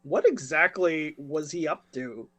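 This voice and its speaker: A man co-hosting a casual podcast and thinking out loud in a relaxed way. His voice sits a little above the usual male range. He speaks in a plain, conversational tone. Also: a little high, a little slow.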